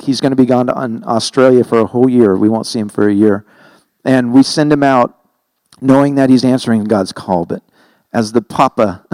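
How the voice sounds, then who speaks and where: A man's voice: medium pitch, a little mellow, dry recording, rough recording. Earnest middle-aged male pastor preaching. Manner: earnest, conversational preaching with self-corrections. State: emotional, heavy-hearted. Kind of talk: sermon.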